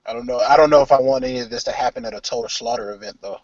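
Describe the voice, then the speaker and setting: A man's voice: mid-range voice, rapid-fire, a little mellow, dull audio. A man hosting a casual hip hop podcast, laid-back and slangy, talking over an online call from outdoors behind a store. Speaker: podcast host.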